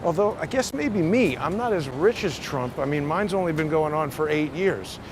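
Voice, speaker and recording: A man's voice: a little high, animated, normal speed. A man hosting a vlog, talking in a casual, musing way with restarts as he walks outdoors on a city street. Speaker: vlog host. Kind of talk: casual walking monologue. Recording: loud street traffic noise.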